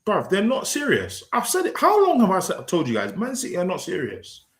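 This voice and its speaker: A man's voice: sits high, huge pitch swings, fairly quick, a loud crowd. A man, co-hosting a football podcast with teasing, joking banter. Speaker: podcast co-host. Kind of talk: casual football chat.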